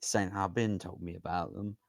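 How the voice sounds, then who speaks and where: Guy doing a twitchy little goblin, deep smooth voice, mumbly, dry mic. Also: steady tone, moderate pace, no echo. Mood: nervous. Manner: hesitant, mumbling. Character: small nervous twitchy male goblin.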